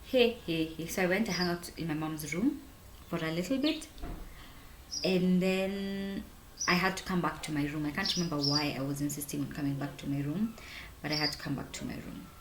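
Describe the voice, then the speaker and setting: A woman's voice: low voice, brisk, a little hiss or hum. Chatty Kenyan woman in her twenties. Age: 20s. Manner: chatty, animated, full of "like" and "honestly". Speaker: vlogger. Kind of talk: casual storytelling to camera. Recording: roomy echo.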